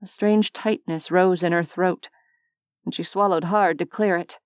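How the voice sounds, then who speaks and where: A woman narrating a sci-fi romance audiobook in a measured, even storytelling manner, on a close studio mic. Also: on the low side, no echo.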